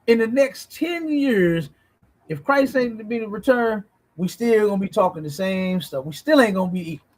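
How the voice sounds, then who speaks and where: A man's voice: high-pitched, brisk, low-quality recording. A man hosting a livestream, commenting bluntly on video clips in a preachy, cursing manner, often asking if you understand. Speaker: host reacting to clips.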